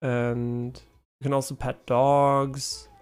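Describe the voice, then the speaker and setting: A young man livestreams his gameplay, chatting casually with his viewers, getting excited and swearing often. His mid-range voice is smooth and his pace slow.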